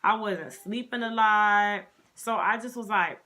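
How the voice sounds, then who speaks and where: Chatty woman in her 20s doing a storytime vlog, bright sharp voice, talks right to the viewers. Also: mid-range voice, a little slow. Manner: chatty, addresses viewers as y'all. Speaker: vlogger. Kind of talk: casual storytime chat.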